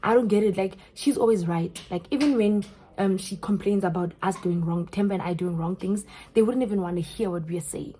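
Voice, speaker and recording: A young South African woman with a South African accent, telling a story in an animated way straight to her viewers. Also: mid-range voice, brisk, slight background noise. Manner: animated, keeps addressing viewers as guys. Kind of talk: storytime vlog.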